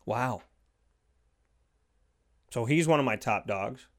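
A man's voice: medium pitch, expressive, slow pace. A man giving an earnest, heartfelt motivational monologue, repeating his points for emphasis.

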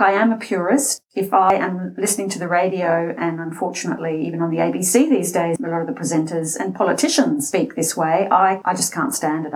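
Scratchy-voiced Australian woman coach. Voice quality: slightly scratchy low voice. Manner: deliberate, varies pace and loudness for emphasis. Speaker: voice and interview coach. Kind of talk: instructional talk.

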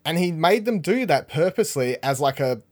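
A man hosting a podcast in casual chat, energetic and rambling as he talks. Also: a little high, a little fast. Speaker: podcast host.

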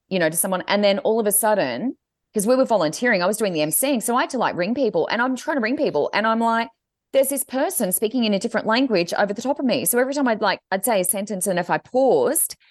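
A woman co-hosting a podcast tells a story in a casual chat. Her pitch swoops widely as she acts out the quoted voices. The sound is dry and close. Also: no room sound. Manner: animated storytelling, acting out quotes. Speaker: podcast co-host.

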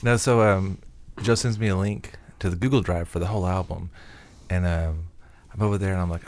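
A middle-aged man hosting a show, casually telling a rambling story that gets animated in the retelling. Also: low-pitched, fast. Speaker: radio show host. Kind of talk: casual chat.

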